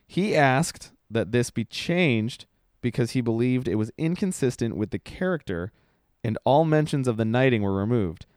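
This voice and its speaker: A man co-hosting a casual podcast, sharing trivia facts in a relaxed way. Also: medium pitch, moderate pace, dry recording, clean studio sound. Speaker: podcast co-host. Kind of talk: casual chat.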